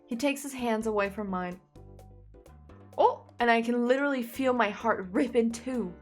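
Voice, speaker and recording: A young woman reading fanfiction aloud as a content creator, breaking in with animated, sarcastic jokes and giggles. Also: a little high, moderate pace, soft background music.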